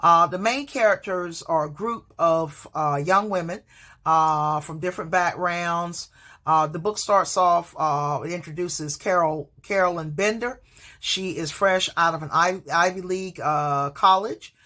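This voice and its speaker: Fields: Sex: woman. Role: teacher and book reviewer. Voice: bright. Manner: hesitant, stammering. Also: fairly low pitch, a little slow. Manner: hesitant, many fillers and restarts, admits stuttering. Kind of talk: casual book review monologue.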